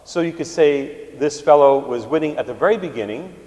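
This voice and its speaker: Priest preaching in an echoey church. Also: male voice, fairly high pitch, expressive, dark tone. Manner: teaching with pauses and restarts. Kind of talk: sermon.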